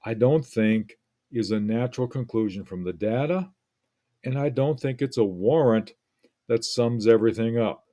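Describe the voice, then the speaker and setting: A man teaching a lesson, picking apart an essay in a deliberate, reflective way with frequent pauses. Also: medium pitch, warm tone.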